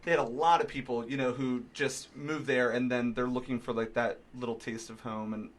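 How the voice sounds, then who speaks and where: A man's voice: mid-range voice, fairly quick. A young adult man with a Philadelphia accent, a comedian chatting as a studio guest and telling stories with frequent laughs. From Philadelphia area. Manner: animated storytelling, laughs often. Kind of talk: casual chat.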